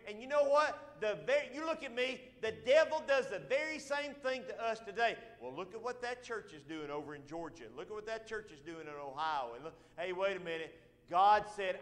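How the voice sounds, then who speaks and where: High-voiced Southern preacher in an echoing church. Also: male voice. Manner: swings between loud shouted emphasis and quiet asides. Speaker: pastor. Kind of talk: sermon. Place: church sanctuary. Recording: long church-hall reverb.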